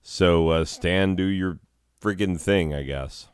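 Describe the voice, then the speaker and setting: Male host, very deep, unhurried, sardonic asides. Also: clear, resonant tone, no room sound, clean studio sound. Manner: sardonic, self-deprecating, chuckling. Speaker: host, drama teacher. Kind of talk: comedic hosting with asides.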